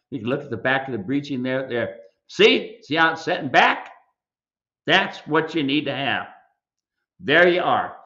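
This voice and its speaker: Emphatic, folksy male host lecturing on air, with a slightly high, forceful voice and dull, lo-fi audio. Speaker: mule ranch owner and show host. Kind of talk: live video Q&A commentary.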